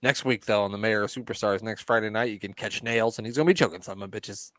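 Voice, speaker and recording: A man's voice: lowish voice, fast, a bit bright, dry recording. A man co-hosting a casual podcast, joking and swearing often and laughing as he comments on a wrestling match. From US Midwest. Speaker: podcast co-host.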